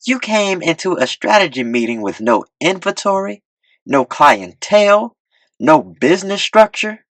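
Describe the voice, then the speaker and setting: A man's voice: a little high, very animated, a little slow, fairly bright tone, no room sound, voice pushed up, exaggerated voice, low-quality recording. A man voicing a tall, flashy hustler who talks down to a newcomer. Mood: brash. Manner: brash and pushy. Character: tall flashy male hustler, brash and pushy.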